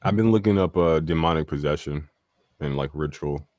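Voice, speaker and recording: A man's voice: a bass voice, moderate pace, a little mellow, dry recording, studio quality. A man chatting casually on a podcast, laid-back and slangy, laughing often.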